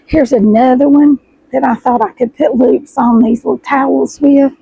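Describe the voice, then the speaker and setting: A middle-aged woman, chatting excitedly to her viewers as she unboxes fabric, her voice hoarse and froggy. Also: high-pitched, normal speed, phone-quality sound. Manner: chatty, gushing, addresses viewers as y'all. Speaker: sewing vlogger host. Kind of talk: casual chat while unboxing fabric.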